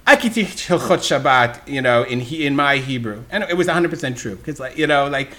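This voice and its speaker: Lively, animated man hosting a podcast. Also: medium pitch, a little fast. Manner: animated storyteller, laughs often. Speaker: podcast host. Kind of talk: casual chat.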